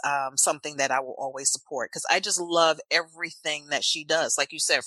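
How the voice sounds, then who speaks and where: Bright-voiced woman with New Jersey accent. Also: deep voice, no echo, poor audio. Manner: animated, playful, chatty. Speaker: podcast guest, podcaster. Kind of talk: casual podcast chat.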